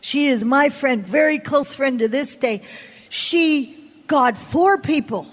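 A woman's voice: sits high, animated, slow. A woman preaching a sermon as a personal testimony, telling her story dramatically and acting out the people she quotes. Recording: long hall reverb.

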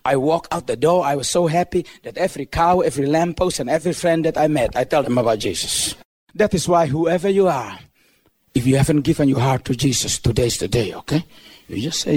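An older man preaching a humorous testimony sermon, telling a story that builds to excited shouts. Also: fairly high pitch, fairly quick, breathy edge.

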